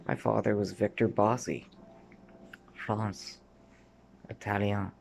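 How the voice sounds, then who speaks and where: A Canadian man in his thirties speaks in a slow, unhurried ramble that drifts from memory to memory. His voice sits low and carries a rough, creaky edge. He swears freely and now and then sinks into a near-whispered mutter. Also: fairly even intonation, a little mellow, a little hiss or hum. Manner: sometimes drops to a mutter or whisper. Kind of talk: rambling personal monologue.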